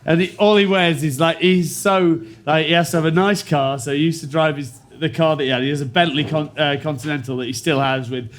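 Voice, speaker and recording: A man's voice: on the high side, steady tone, fairly quick, few pauses. Laughing male ex-rugby panelist. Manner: storytelling, laughing often, imitating teammates. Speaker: former rugby player, panelist. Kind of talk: casual chat with anecdotes.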